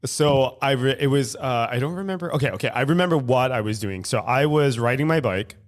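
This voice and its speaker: A man telling a personal story as guest co-host on a casual podcast, animated, laughing often and swearing. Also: mid-range voice, a little fast. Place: recovery club room in San Francisco.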